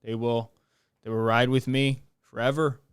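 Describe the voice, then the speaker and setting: A man's voice: mid-range voice, little pitch movement, normal speed, smooth, dry recording, studio quality, lightly acted. A man voicing a grandiose male cult leader with an odd put-on accent, making commanding, self-important proclamations.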